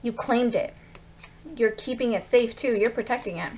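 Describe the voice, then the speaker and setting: A woman's voice: fairly high pitch, moderate pace, a little mellow, lo-fi sound, a little hiss or hum. A woman giving a tarot card reading, gushing and speaking straight to her viewers. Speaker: tarot reader.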